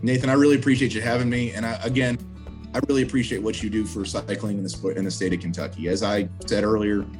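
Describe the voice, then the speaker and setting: A man, president of a trail association, speaking earnestly and upbeat as a guest in a video-call interview, appealing for volunteers. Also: sits low.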